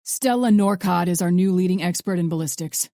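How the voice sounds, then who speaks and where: A woman voicing a gruff male FBI supervisor who talks flatly and bluntly. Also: lowish voice, fairly quick, no room sound, studio quality. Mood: brusque. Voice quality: flat, curt delivery.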